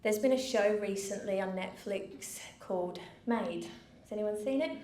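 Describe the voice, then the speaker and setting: A middle-aged woman giving a personal speech from a stage, earnest and measured with dry asides. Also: medium pitch, a little mellow. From United Kingdom. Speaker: founder giving a keynote speech. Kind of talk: personal story told from a stage. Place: event venue with a live audience. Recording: roomy venue, faint background noise.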